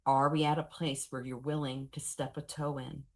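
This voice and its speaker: Her voice low, a forties-aged woman heads a professional session on traumatic grief at a moderate pace. She comes across as candid and animated, with a wry sense of humor.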